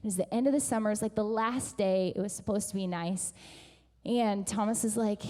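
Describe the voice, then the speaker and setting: Animated woman pastor in echoing church. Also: medium pitch, brisk. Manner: animated storytelling, acts out voices. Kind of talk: sermon. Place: church sanctuary. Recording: long church hall reverb.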